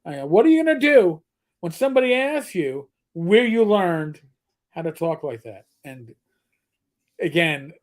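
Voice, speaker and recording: A man's voice: a little high, big pitch swings, a little slow. Middle-aged man, livestream co-host, rambling jokey storyteller. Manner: rambling storyteller, joking, frequent restarts. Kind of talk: casual livestream chat.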